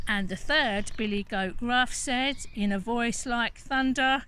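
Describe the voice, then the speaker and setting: A forest school teacher telling a children's story outdoors on a bridge, gentle and expressive. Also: female voice, medium pitch, unhurried, hardly any pauses, clear, resonant tone. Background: birdsong.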